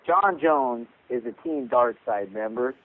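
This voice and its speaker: A man's voice: mid-range voice, expressive, unhurried. Man telling a story over a tinny phone line. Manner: rambling, repeats words, acts out quotes. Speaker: boxing coach guest. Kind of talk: storytelling on a podcast call. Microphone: phone call.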